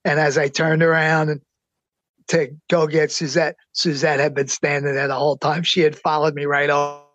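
A middle-aged man with a slightly high voice tells a personal story with eager, earnest excitement. He stretches out the key words to let the moments land. The sound is close and dry, with no room around it. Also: no echo. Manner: excited, earnest, slows down for emphasis. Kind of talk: personal anecdote.

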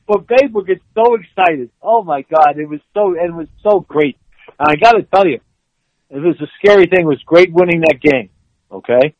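Excitable older man telling a wild story. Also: high voice, moderate pace, no room sound, muffled recording. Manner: excitable, acts out quotes, laughs mid-story. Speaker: former football player, guest. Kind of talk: animated storytelling in an interview.

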